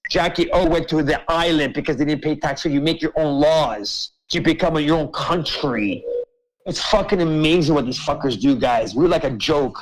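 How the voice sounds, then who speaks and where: A man's voice: on the high side, normal speed, low-quality recording. A man hosting an open-mic group chat, ranting emphatically and swearing a lot. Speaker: host.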